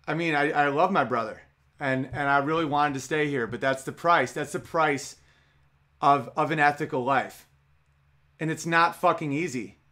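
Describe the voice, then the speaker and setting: A man's voice: on the high side, fairly bright tone. A man in his thirties hosting a podcast, speaking in a heated, emotional monologue full of swearing. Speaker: podcast host.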